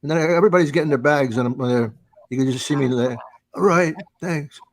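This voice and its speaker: An older man hosting a comedy podcast, rambling through stories with halting restarts and put-on voices. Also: mid-range voice. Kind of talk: casual comedy podcast chat.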